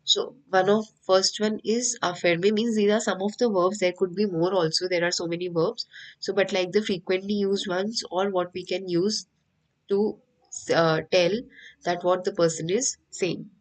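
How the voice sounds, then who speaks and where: A woman's voice: medium pitch, fairly even intonation, moderate pace, rough recording. A woman with an Indian English accent teaching an online French class, patiently repeating each point.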